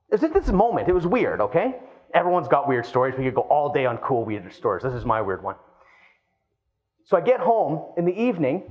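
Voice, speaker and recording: A man on stage giving a keynote, telling a personal story with lively, swinging delivery and talking straight to the crowd. His voice sits a bit high for a man. The recording sounds dull and lo-fi. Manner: animated storytelling, addresses the crowd as guys. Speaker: keynote speaker. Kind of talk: live keynote speech.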